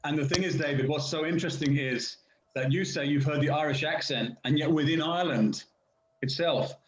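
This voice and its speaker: Englishman talking slowly on a muffled call. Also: a little high. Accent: standard southern British English. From England. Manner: speaks slowly and deliberately with many restarts. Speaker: guest speaker in a language-learning video call. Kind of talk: casual conversation. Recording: roomy, muffled video call audio.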